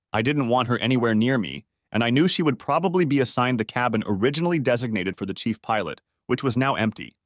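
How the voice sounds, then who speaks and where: A man's voice: medium pitch, no room sound. A man narrating a first-person story in a scripted audiobook reading on a close mic.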